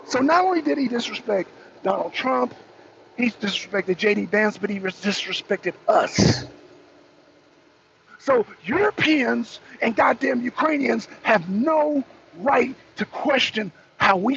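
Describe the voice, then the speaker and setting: A man hosting a livestream talk show, ranting in an angry, profane, animated way. His voice sits very high for a man and has a gravelly rasp. The audio is a bit muffled, with a faint hiss underneath. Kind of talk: heated political rant on a livestream.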